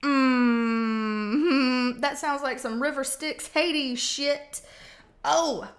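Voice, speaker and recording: A woman's voice: sits high, fairly even intonation, very slow. A woman giving a casual tarot reading at home, talking bluntly with slang and plenty of swearing. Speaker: tarot reader. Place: home with a cat.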